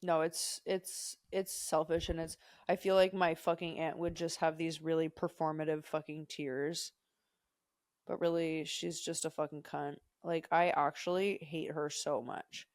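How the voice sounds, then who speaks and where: A woman's voice: low voice, flat delivery, unhurried, no echo, studio quality. A young woman co-hosting a podcast, chatting casually and telling a rambling, profane story full of digressions. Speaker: podcast co-host. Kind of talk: casual chat.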